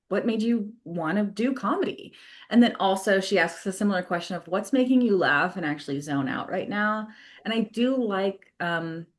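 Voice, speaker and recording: A woman therapist talking in a casual podcast conversation, thoughtful, laughing easily and using plenty of fillers. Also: mid-range voice. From California. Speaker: therapist guest.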